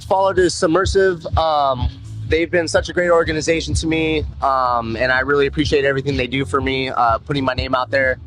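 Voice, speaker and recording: A man's voice: on the high side, fairly even intonation, fairly quick, a bit bright, soft background music, poor audio. A man from Southern California, a fighter being interviewed, talking in a laid-back, laughing way. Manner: laid-back, laughing, calls people brother. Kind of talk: casual interview banter.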